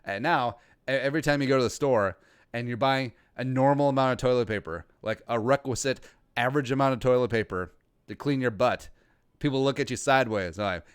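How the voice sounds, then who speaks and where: A man's voice: medium pitch, brisk, smooth. A man in his thirties from Minnesota hosting a casual livestream podcast, rambling and joking with crude asides. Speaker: podcast host.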